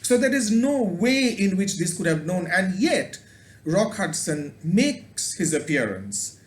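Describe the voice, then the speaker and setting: A man's voice: high voice, sing-song, takes it slowly. A man giving a spoken video lecture, thoughtful and hesitant, with many ums and repeated words. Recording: roomy echo.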